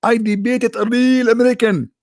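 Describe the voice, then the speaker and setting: A man voicing a boastful male cleric who scornfully brags in a raised, loud voice. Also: extremely high pitch, steady tone, normal speed, no room sound, clean studio sound, voice pushed up.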